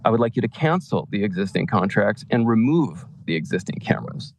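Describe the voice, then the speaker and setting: A man's voice: lowish voice, big pitch swings. A man giving an impassioned public comment at a county board meeting, often restarting his phrases. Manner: impassioned, repetitive, halting restarts.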